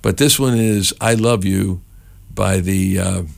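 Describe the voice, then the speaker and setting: Middle-aged radio dj guy, super gravelly low voice, rambly and chatty. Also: steady tone, slow pace. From New Jersey. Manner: rambling, chatty, many fillers and restarts. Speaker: radio host. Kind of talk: casual radio chat between songs.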